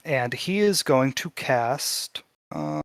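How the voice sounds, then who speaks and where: A man's voice: medium pitch, measured pace, dry recording, clean studio sound. A man running a tabletop game as game master, narrating in a casual style and swearing freely.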